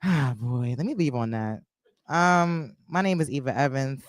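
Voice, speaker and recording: A woman's voice: a bass voice, a little slow. A woman doing a stand-up comedy set on a club stage, crude and loose, teasing the crowd, with a New York accent.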